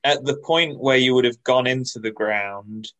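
A man co-hosting a podcast in casual chat, measured and dryly teasing. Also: medium pitch, fairly bright tone, rough recording. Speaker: podcast co-host.

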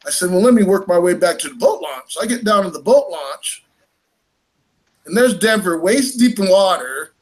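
High-voiced man telling a story. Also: normal speed. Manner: animated, laughing, acts out quoted lines. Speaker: fishing tournament angler. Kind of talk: casual storytelling.

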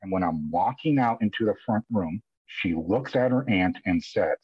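Male podcast guest, husky voice, dull dry recording; emotional, restart-heavy storytelling. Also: on the low side, moderate pace, no room sound. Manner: emotional, animated retelling with repeated restarts. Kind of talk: candid conversational storytelling. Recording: dull lo-fi audio.

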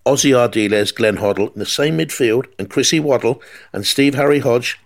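A man hosting a football podcast, telling animated anecdotes and mimicking the people in them. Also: medium pitch, fairly quick. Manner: animated anecdote-teller, mimics voices in his stories. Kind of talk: storytelling chat.

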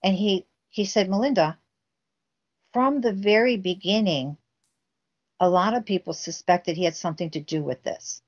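A woman's voice: mid-range voice, normal speed. Lo-fi intense woman retelling a story. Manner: intense, acts out quoted dialogue. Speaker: guest recounting a family case. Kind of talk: emotional storytelling interview.

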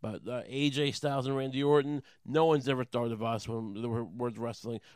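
A man's voice: medium pitch, normal speed, clear, resonant tone, dry recording, clean studio sound, natural voice. A man putting on an apologetic male wrestler who rambles and runs himself down. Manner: rambling, flatly self-mocking.

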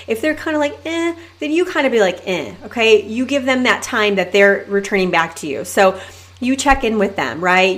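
A young adult woman hosting a solo podcast, coaching her listeners in an energetic, emphatic way and often calling them "you guys.". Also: medium pitch. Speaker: podcast host and network marketing coach.

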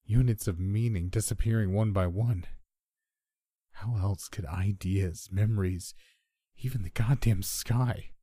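A frightened young man, urgent and strained as everything around him vanishes, voiced by the narrator. The voice stays low and dark, close and dry. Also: a little slow, breathy edge, no echo. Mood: uneasy. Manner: urgent, shouting over wind.

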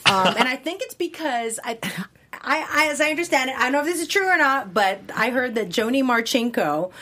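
A woman's voice: high-pitched, lively intonation, fairly quick, bright, forceful tone. A woman from Hawaii, an actress, chatting candidly and expressively in an interview. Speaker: actress guest. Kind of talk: casual interview conversation.

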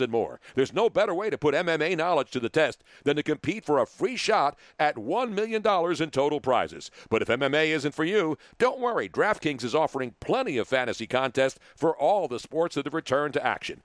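A man's voice: fairly high pitch, no echo. A man hosting a sports radio show who reads ads and jokes with his co-host. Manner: joking, bantering, fast-talking. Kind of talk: radio talk and live-read ad.

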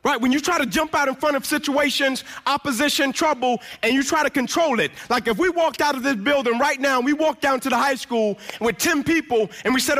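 Very high, bright-voiced man telling his story. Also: brisk, few pauses. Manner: storytelling with repeated refrains. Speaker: motivational speaker. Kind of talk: inspirational testimony speech.

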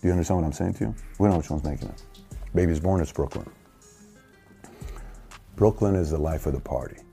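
Fast and mellow with vocal fry, a low-voiced show host in his forties delivers emphatic, opinionated commentary packed with rhetorical questions aimed at the listener. Soft music plays in the background.

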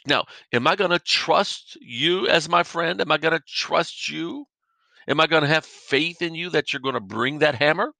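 A man's voice: a little high, measured pace, gravelly, sharp tone, no echo. A man preaching a conversational sermon on his podcast, folksy and repetitive, building his points through everyday stories.

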